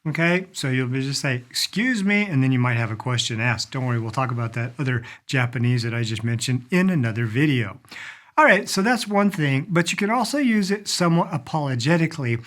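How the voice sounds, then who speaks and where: A man giving a casual video lesson on polite phrases, chatty, explaining slowly and repeating words for practice. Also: mid-range voice, animated, fairly bright tone. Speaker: language teacher.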